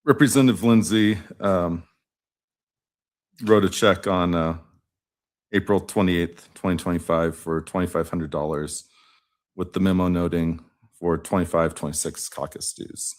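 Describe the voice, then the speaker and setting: A man's voice: low voice, fairly even intonation, unhurried, long pauses. A man questioning a witness at a formal hearing, methodically going through dates and figures with occasional fillers.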